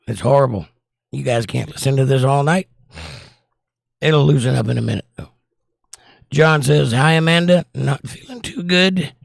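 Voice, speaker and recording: A hoarse, squeaky-voiced man hosting a casual livestream and reading chat messages aloud in a wry, blunt way. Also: no echo, studio quality. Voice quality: squeaky, croaky. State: hoarse, losing his voice.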